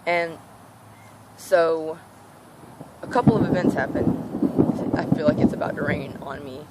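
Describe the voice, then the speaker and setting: A woman's voice: sits low, unhurried, heavy background noise. A teenage girl telling a storytime rant in a casual vlog, acting out what people said. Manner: animated, acts out quoted voices. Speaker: vlogger.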